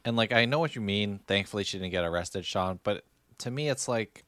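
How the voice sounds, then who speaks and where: A man's voice: on the low side, expressive, fairly quick, fairly bright tone. A man in his thirties co-hosting a casual podcast chat, ranting in an exasperated, emphatic way. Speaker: podcast co-host.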